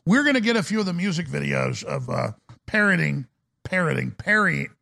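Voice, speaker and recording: Gravelly ranting talk radio host. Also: male voice, a little high, big pitch swings, fairly quick, pushed and bright. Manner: ranting, stumbling restarts. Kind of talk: call-in talk radio monologue.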